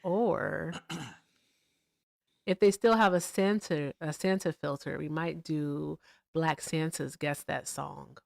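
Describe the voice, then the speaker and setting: Low-pitched woman co-host, teasing and animated, on a dry close mic. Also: slow pace, gravelly, dry recording. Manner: teasing, animated, talks straight to her co-host. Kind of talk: casual livestream political chat.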